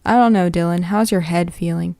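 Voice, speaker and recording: A woman reading a storybook aloud, voicing a worried, protective brother who speaks quickly and anxiously. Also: lowish voice, steady tone, dark tone, dry recording, clean studio sound, lightly acted.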